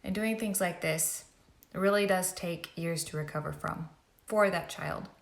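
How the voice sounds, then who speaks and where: A woman's voice: lowish voice, measured pace, creaky, echoey room. A woman YouTuber talking in an earnest, rambling, emotional way, speaking out in a commentary vlog.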